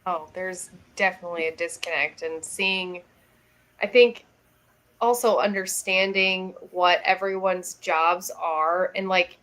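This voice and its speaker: Woman guest with a bright, forward voice, musing in casual talk. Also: fairly low pitch, fairly even intonation, measured pace, low-quality recording. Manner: thoughtful, with restarts and light laughs. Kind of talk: casual chat.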